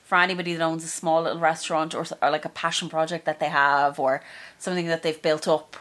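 A young woman with an Irish accent chatting casually, frank and quick to swear. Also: low voice, flat delivery, a bit bright. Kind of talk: casual chat.

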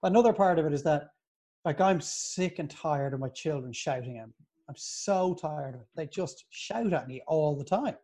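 A man on a casual podcast, earnestly laying out his views. His voice sits a little high, and he speaks with steady conviction. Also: normal speed. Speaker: podcast co-host. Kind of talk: casual chat.

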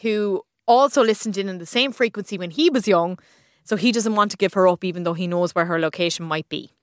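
A woman's voice: medium pitch, a little fast, dry recording. Chatty Irish woman reviewing TV, laughing. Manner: chatty, laughing, many restarts. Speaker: TV and film reviewer. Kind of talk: casual radio chat.

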